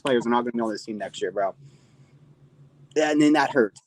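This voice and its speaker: A man's voice: medium pitch, fairly quick, dry recording, rough recording. A young man hosts a postgame reaction stream. He rambles, gets emotional and swears freely, with a mid-range voice. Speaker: host.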